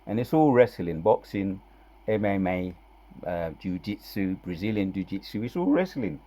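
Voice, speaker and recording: A man giving an informal scripture teaching. He reads verses slowly with loud, drawn-out stress and talks casually between them, often asking "right?" and "yeah?". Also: deep voice, animated. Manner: conversational, with tag questions and fillers between verses. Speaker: bible teacher.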